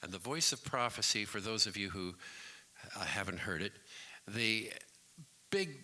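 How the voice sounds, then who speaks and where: A man's voice: lowish voice, animated, a little slow, bright, forceful tone. A man in his sixties telling a comic story from his college radio days on stage at a community hall, with dry timing and mock announcer voices. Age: 60s. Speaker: variety show storyteller.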